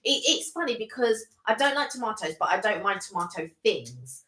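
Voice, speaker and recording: A woman's voice: mid-range voice, sing-song, normal speed, fairly bright tone, slight background noise. A woman co-hosting a casual live stream, chatting enthusiastically with many restarts. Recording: echoey room.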